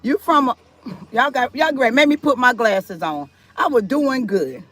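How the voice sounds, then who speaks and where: Hosting a live stream, a woman chats casually with her viewers, reads their comments out loud, and insists on respect in her chat. Her fairly high, fairly bright voice has lively intonation and an unhurried pace.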